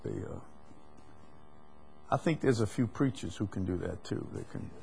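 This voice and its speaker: A man teaching the Bible in a conversational way, deliberate, often repeating words with frequent fillers. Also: lowish voice, huge pitch swings, gravelly, a little mellow, a little hiss or hum.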